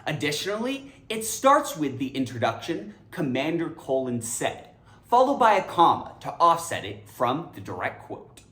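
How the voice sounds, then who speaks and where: A woman's voice: low voice, very animated, moderate pace, a bit bright. A woman teaching English grammar, upbeat and emphatic in a teacherly way. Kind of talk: educational explainer. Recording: echoey room.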